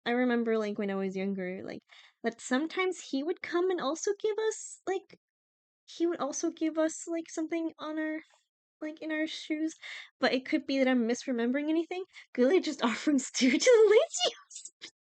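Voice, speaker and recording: A woman's voice: high-pitched, darkish tone, dry recording. Giggly, chatty young woman streamer. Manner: chatty, giggly, lots of fillers. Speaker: livestreamer. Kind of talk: casual livestream chat.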